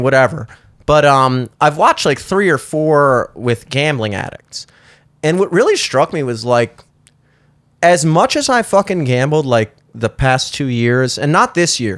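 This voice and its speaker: A man's voice: mid-range voice, fairly bright tone. A man with a Baltimore accent hosting a podcast, rambling and swearing casually with lots of restarts. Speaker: podcast host. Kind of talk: casual chat. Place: studio.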